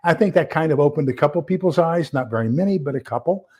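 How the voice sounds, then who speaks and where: This man's voice sits a little high, mellow yet slightly rough, and he talks fast and expressively. Hosting a casual live stream, he rambles through fillers, reading a document aloud and struggling with screen sharing.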